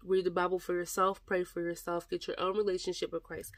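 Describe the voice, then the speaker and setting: A faith vlogger speaks to camera in a devotional talk, her lowish voice fairly flat in pitch and a little fast, with no echo. She exhorts her viewers, repeats her points, calls them "y'all," and at moments comes close to tears.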